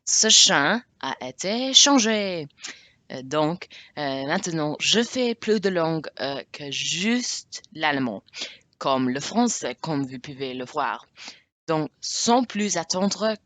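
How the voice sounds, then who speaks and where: Woman, language teacher, slow careful delivery, repeats words aloud, switches between French and English. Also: low-pitched, a bit bright, no echo. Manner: repeats words slowly for pronunciation drills. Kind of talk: spoken language lesson.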